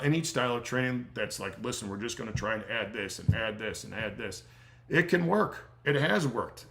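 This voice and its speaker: A man's voice: mid-range voice, creaky, fairly bright tone. A middle-aged man coaching in a livestream Q&A, blunt and profane, getting fired up as he loses his voice. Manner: blunt, swears freely, gets fired up. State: losing his voice. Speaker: strength coach hosting a livestream Q&A. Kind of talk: casual livestream Q&A, profane and emphatic.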